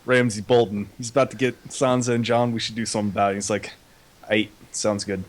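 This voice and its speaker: A man's voice: fairly low pitch, little pitch movement, brisk. Young man doing a goofy recap. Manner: goofy paraphrasing with slangy quoted voices. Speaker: co-host recapping an episode. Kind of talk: casual comedic recap.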